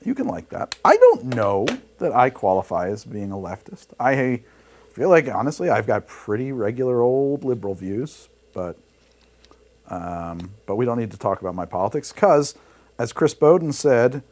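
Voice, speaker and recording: Mixing drinks on his livestream, a man chats casually in a medium-pitched, very animated voice at normal speed with a darkish tone. He rambles heatedly, swearing freely and laughing often. A studio mic through a mixer rig picks him up.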